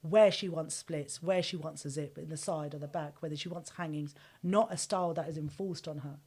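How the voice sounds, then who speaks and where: A woman with a voice pitched on the low side talks as a guest on a casual podcast. She tells her stories with animation and makes her points in an outspoken, emphatic way. She runs a bridal boutique. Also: a little fast, husky. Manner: animated storytelling.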